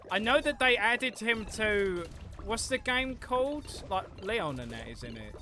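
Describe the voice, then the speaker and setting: Bright, lively young male streamer. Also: high-pitched, unhurried, soft background music. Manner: rambling, swears freely, reads chat aloud. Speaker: livestreamer. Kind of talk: casual gameplay stream chat.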